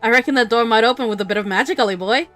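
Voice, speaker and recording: A woman's voice: a little high, rapid-fire, fairly bright tone, faint music behind, natural voice. A woman voicing a cheeky male fairy companion, reading game lines in a cocky, slangy, blunt way. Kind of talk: reading game dialogue aloud.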